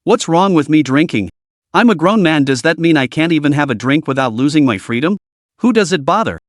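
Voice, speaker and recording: A man's voice: on the high side, expressive, a little fast, dry recording, studio quality, lightly acted. A man voicing a defensive young man who pleads his case to his friend.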